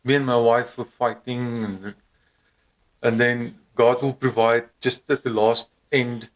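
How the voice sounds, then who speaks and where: A man speaking English as a second language, giving a hesitant, encouraging talk to camera with many pauses and fillers. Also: medium pitch, little pitch movement. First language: not English. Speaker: vlogger.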